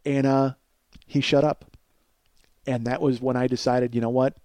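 A man's voice: medium pitch, level tone, moderate pace, darkish tone, dry recording. A man in his forties telling a long personal story in a casual, profane way, often laughing as he talks. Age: 40s. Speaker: podcast storyteller.

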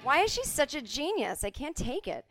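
A woman in her forties hosting a casual solo podcast from home, chatty and swearing freely with quick asides. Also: sits high, big pitch swings, fairly bright tone, dry recording, clean studio sound, faint music behind. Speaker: podcast host.

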